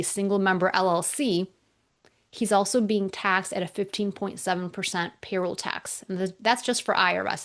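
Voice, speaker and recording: Woman, tax accountant, recorded presentation, emphatic, energetic, rhetorical questions. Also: mid-range voice.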